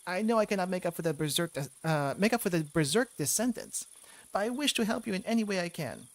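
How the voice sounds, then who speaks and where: A man voicing a remorseful male mouse count, reading game dialogue in a stiff, formal way, breaking into little squeaks. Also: expressive, quick pace, no echo. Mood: solemn. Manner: stiff old-fashioned formal speech punctuated by squeaks.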